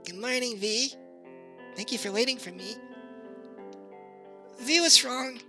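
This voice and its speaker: Sayori, a man doing a squeaky bubbly teen girl. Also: a little slow, vocal fry, faint music behind, exaggerated voice. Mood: cheerful. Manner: high, bright, worried squeals. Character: cheerful teenage girl, bubbly friend.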